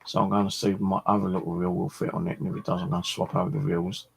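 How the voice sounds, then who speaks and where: Gravelly-voiced man from England. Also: low-pitched, little pitch movement, racing, rough recording. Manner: chatty storyteller, swears freely. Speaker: fishing channel host. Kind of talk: rambling casual chat.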